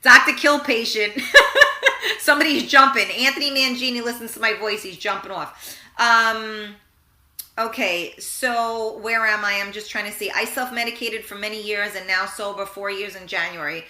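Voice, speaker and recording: The room sounds roomy as a woman with a mid-range voice, at normal speed, hosts a live motivational internet radio show. She's frank and animated about positive thinking, acting out little scenes and reading out listener comments.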